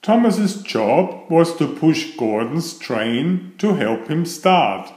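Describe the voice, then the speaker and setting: A man narrating a children's picture book read-aloud in an unhurried storytelling manner. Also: a little high, big pitch swings, a little mellow. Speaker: storybook reader. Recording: echoey room.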